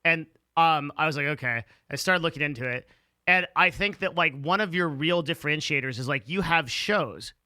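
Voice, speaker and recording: 날카롭고 밝은 목소리의 열정적인 남성 진행자. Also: male voice, on the high side, moderate pace, no echo. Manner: energetic, emphatic, slangy, with swearing. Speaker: interviewer. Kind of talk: casual interview chat.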